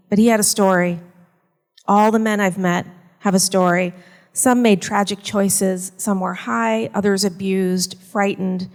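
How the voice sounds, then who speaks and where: A woman teacher reading a prepared personal essay in a measured, earnest way. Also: mid-range voice, a little mellow, big-room sound. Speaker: university teacher in prison education. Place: performance venue.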